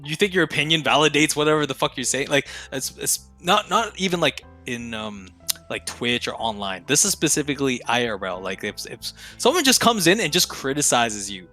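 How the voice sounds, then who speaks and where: A man's voice: mid-range voice, big pitch swings, a little fast, sharp tone, faint music behind. A young man, a streamer guest on a podcast, talking casually with heavy profanity and slang, laughing often.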